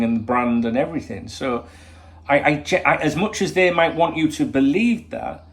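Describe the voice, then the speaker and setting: A man hosting a football channel, talking in a rambling, swear-laden opinion monologue full of rhetorical questions. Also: mid-range voice.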